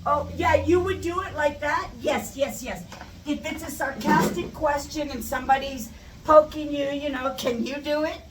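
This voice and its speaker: A woman's voice: high voice, steady tone, moderate pace. A woman teaching English to Spanish speakers in a chatty live lesson, wandering into tangents and repeating example questions, recorded with static. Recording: static, echoey, mic far off.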